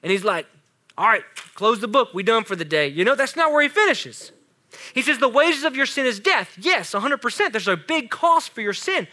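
High voice, bright tone, man preaching to teens, casual and lively. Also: moderate pace. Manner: casual, animated, talks to students with "y'all". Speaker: youth pastor. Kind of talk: youth sermon.

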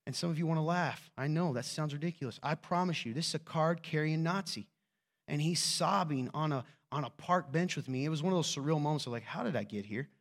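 A man's voice: a little high, brisk. A man preaching a conversational sermon as a pastor, joking and often asking his listeners "right?".

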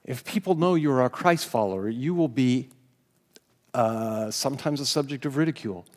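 Here the pastor's mid-range voice sounds darkish, moving at normal speed through his sermon. His stories lean on self-deprecating humor, broken up by occasional laughter, and a long hall reverb surrounds the sound.

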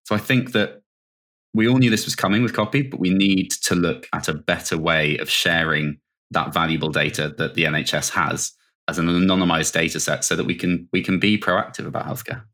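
Low-voiced nasal man chatting on a podcast. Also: fairly even intonation, a little fast, fairly bright tone. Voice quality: self-described nasal voice. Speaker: podcast co-host. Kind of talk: casual podcast chat.

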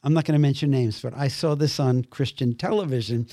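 A man from Brooklyn, a podcast guest telling a story in a lively way and acting out the other people's voices. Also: mid-range voice, a little fast, no room sound, studio quality. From Brooklyn, New York. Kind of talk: storytelling conversation.

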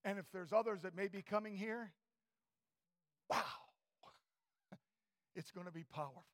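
High-voiced fervent male preacher. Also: moderate pace. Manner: fervent, swings from shouting to hushed. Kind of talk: sermon.

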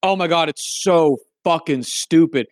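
A person co-hosting a casual film chat, talking in an animated, incredulous, profane way. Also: mid-range voice, a little slow, dry recording, studio quality.

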